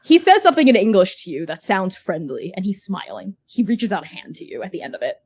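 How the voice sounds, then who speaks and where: A woman's voice: medium pitch, very animated, quick pace, darkish tone, slightly rough. A woman narrating as game master of a livestreamed tabletop game, chatty with many fillers.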